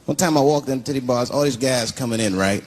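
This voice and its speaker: A man's voice: mid-range voice, a little fast. A man doing a stand-up set in a club, telling stories animatedly and acting out characters with big swings in his voice. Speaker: stand-up comedian. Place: comedy club stage. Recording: live club set with loud crowd laughter.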